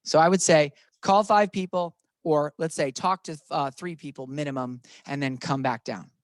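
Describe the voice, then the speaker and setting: A man leading a real estate training session, coaching his audience with energetic, motivational urging. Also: a little high, normal speed, no echo, studio quality. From grew up on a cattle ranch. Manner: energetic, pep-talk coaching.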